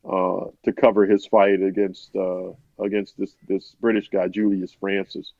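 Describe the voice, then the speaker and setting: A man's voice: deep voice, little pitch movement, measured pace, vocal fry, no room sound. A man, a sportswriter, telling an interview story in a rambling conversational way, often restarting and quoting others. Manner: rambling, many restarts, quotes others in his own voice. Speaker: sportswriter guest. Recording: dull, dry podcast audio.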